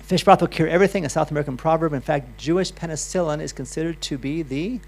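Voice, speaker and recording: A man's voice: on the high side, fast. A middle-aged man giving a loose, chatty health talk to a live audience, full of restarts and asides. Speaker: health speaker.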